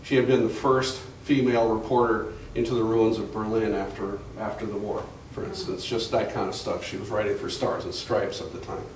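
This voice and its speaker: A man's voice: on the low side, level tone, fairly quick, few pauses, darkish tone. An older man telling rambling family anecdotes to an audience at a museum talk, often restarting his sentences. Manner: rambling storyteller with frequent restarts and fillers. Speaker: guest speaker at a museum talk. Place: museum gallery, recorded from the audience. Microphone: distant camera mic. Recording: echoey room from far off, faint hiss.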